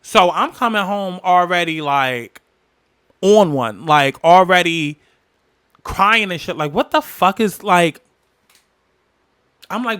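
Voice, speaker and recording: Forceful, emphatic man telling his story. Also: sits high, animated, unhurried, long pauses. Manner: emphatic, repeats phrases for weight, heavy swearing. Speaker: podcast host. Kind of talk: candid storytelling monologue.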